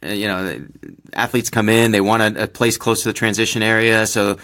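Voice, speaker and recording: A man's voice: on the low side, level tone, fairly quick, pushed and bright. A man hosting a podcast, chatting casually with a guest and often laughing. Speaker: podcast host. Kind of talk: casual interview.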